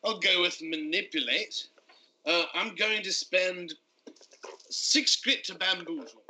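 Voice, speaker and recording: Bright-voiced playful man. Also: sits high, takes it slowly, a little hiss or hum, low-quality recording. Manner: playful, repetitive and jokey. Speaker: player. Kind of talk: casual tabletop play.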